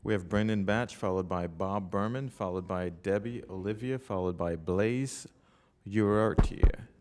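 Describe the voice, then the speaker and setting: A man's voice: low voice, a little slow, darkish tone. A man chairing a county meeting, calling the next speakers in brief, businesslike announcements. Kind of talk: procedural announcements.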